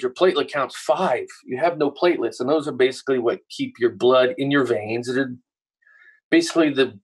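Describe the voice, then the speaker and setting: A man's voice: mid-range voice, husky, rough recording. A middle-aged man telling a story in a casual interview, swearing freely and acting out what people said. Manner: profane, animated storyteller acting out quotes. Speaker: guest musician.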